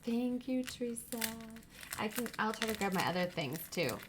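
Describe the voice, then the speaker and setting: A woman's voice: a little high, expressive, normal speed, noisy background. A woman hosting a casual crafting livestream, gushing over stickers and sometimes dropping to a whisper. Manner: gushing, drops to whispers over cute items. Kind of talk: casual live chat, unboxing happy mail.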